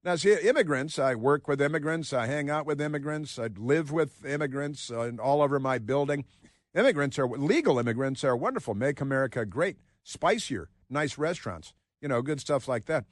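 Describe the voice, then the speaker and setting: A man's voice: medium pitch, lively intonation, brisk, no echo, clean studio sound. A man hosting talk radio, mocking and rambling, with frequent filler words. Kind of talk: casual talk radio commentary.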